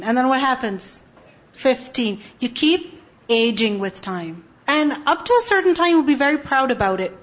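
A woman with a fairly high voice teaches an Islamic lesson to teenagers. She keeps asking questions and answering them herself, and she recites verses in Quranic Arabic. The recording sounds dull and lo-fi. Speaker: religious teacher.

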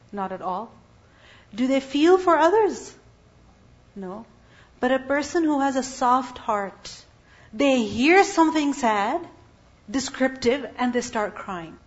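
A woman giving an Islamic lesson, asking her listeners questions and then answering them herself. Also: on the high side. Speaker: religious teacher. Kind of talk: Islamic lecture. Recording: dull lo-fi recording.

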